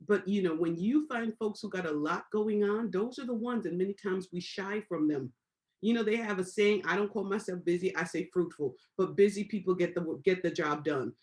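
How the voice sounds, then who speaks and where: Energetic woman coaching a group. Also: moderate pace. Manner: preacherly, repeats lines for emphasis, swings loud and high. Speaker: business coach. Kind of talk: motivational teaching on a group call.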